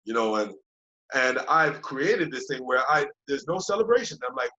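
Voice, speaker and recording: A man with a mid-range voice speaks at a moderate pace as a yoga teacher guesting on a podcast. His talk is casual, reflective, loose and repetitive, peppered with "you know what I mean," and he brings his former thoughts to life in lively quoted voices. It's a dull lo-fi podcast recording.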